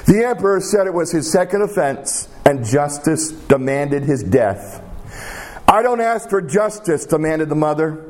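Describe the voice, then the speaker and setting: Man preaching, slightly high voice, slow deliberate pace, emphatic repeated phrases, sermon delivery. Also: expressive. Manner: emphatic, repeats phrases for weight, slows to a hush on prayers.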